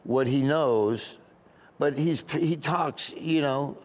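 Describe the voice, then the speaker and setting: A middle-aged man with a Southern US accent, a comedian telling stories in a casual interview, rambling and animated. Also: fairly high pitch, slow pace. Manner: rambling, animated, acts out other voices. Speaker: comedian guest.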